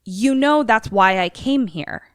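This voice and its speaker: A woman's voice: on the high side, measured pace, clear, resonant tone, dry recording, clean studio sound. A young adult woman, a podcast co-host, casually recapping a film and acting out the characters' lines. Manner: animated storyteller, acts out characters' lines.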